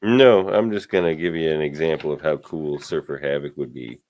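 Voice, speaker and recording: Very deep-voiced joking man, dry sound. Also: moderate pace, a little mellow, no echo. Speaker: podcast co-host. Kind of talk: casual chat.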